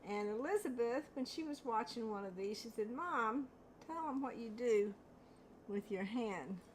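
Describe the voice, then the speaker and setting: A woman's voice: on the high side, lively intonation, a little slow, slight background noise. An older woman hosting a home craft video, chatting in a rambling way and laughing at herself while she paints. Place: home studio.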